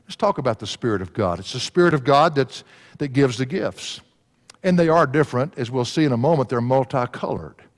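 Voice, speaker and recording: A man's voice: medium pitch, lively intonation, fairly quick. A man preaching a sermon, folksy and laughing at his own stories. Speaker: pastor. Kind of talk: sermon with storytelling. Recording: long hall reverb.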